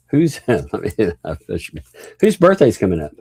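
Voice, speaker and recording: A man's voice: fairly low pitch, huge pitch swings, measured pace, gravelly, mellow, slightly rough, no room sound. A father hosting a casual livestream, playfully joking and laughing while he talks with his young daughter. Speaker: livestream host.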